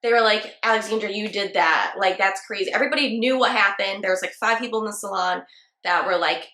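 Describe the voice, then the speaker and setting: A woman's voice: mid-range voice, fairly quick, pushed and bright, reverberant. A young woman, a hairstylist, telling a casual storytime with many filler words. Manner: chatty, lots of "like" fillers. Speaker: hairstylist and channel host.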